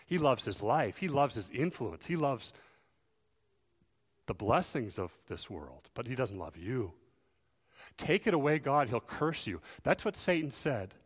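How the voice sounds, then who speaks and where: A man preaching a sermon, earnest, swelling louder and dropping soft to stress his points. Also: medium pitch, big pitch swings, a little slow, slightly rough. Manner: earnest, rises and falls in volume for emphasis. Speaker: pastor. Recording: long reverb of a large hall.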